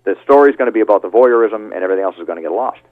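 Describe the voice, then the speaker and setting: Rapid-fire and expressive, this lowish male voice belongs to a middle-aged father whose son, a Marine, was killed. Calling into a radio program on a thin-sounding phone line with no echo, he argues heatedly and indignantly, stumbling through fillers and restarts.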